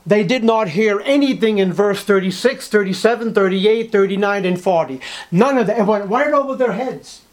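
A male preacher delivers a sermon in a fairly high voice. He is emphatic and repetitive, leaning on rhetorical questions to drive points home. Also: normal speed.

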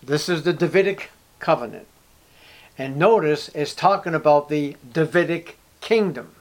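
Male preacher, slightly high voice, sermon delivery, acts out dialogue and repeats for emphasis. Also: moderate pace. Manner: acts out short dialogue between characters, emphatic repetition.

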